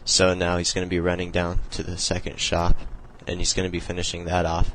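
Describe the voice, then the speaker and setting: A man's voice: sits low, completely flat delivery, brisk, fairly bright tone, a little hiss or hum, low-quality recording. A young man casually talking through a strategy game replay, explaining moves in a loose, rambling way with many fillers. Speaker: replay commentator.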